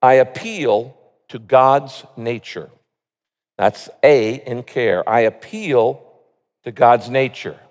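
A man's voice: mid-range voice, slow, a little mellow. A man preaching a sermon, earnestly reading scripture and pleading prayers aloud with rising emphasis. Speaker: pastor. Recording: long hall reverb.

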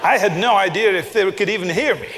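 A man preaching a sermon, telling a story with acted dialogue and emphatic pauses, from England. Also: sits high, in a large hall, very noisy.

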